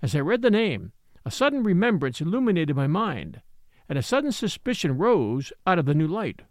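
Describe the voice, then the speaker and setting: A man narrating a classic novel in the first person, expressive and wry. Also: on the high side, normal speed, dry recording, studio quality. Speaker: audiobook narrator. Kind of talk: scripted narration.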